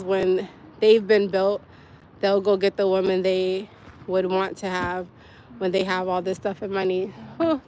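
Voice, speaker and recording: A young woman with a mid-range voice hosts a casual livestream from her phone, with slight background noise audible. She chats candidly and ramblingly with viewers and laughs often.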